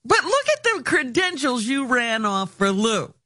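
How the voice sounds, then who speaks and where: A man's voice: very high-pitched, very animated, a little slow, bright, forceful tone, no room sound, studio quality. A man co-hosting a radio talk show, chiming in with short reactions and questions. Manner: brief reactive interjections. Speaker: co-host. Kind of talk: casual chat.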